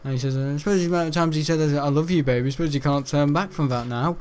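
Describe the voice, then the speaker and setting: Chatty guy with a higher voice. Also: steady tone, very fast, a little mellow, clear, resonant tone. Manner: rambling, laughs often, jokey banter. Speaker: gaming streamer. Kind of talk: casual livestream chat while gaming.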